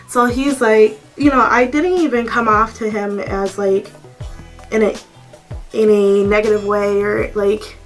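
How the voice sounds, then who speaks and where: A woman's voice: mid-range voice, fairly even intonation, a little slow, soft background music. A woman vlogger telling a storytime story in a blunt, exasperated way, full of "like". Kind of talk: storytime vlog.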